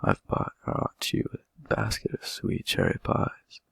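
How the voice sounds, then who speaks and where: A man's voice: takes it slowly, a bit bright, dry recording, studio quality. A man voicing a young girl, Little Red Riding Hood, in a storybook reading, speaking nervously and breathlessly. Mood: cheerful.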